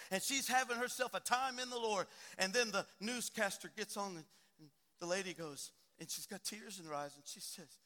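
Pastor, very high bright voice, big swings from hushed to shouting, hall reverb. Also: male voice, normal speed. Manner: preaching with swings from soft to shouting. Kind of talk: sermon.

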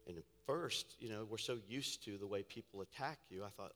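A man preaching a sermon as a pastor, telling a story and building to shouting. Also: lowish voice, fairly quick. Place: church sanctuary.

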